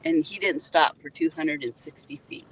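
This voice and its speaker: A woman's voice: sits low, normal speed, slightly rough, low-quality recording. A middle-aged woman, an EMT and grieving mother, earnestly recounting details and pointing out spots from a parked car by the road. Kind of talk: emotional first-person account at a roadside.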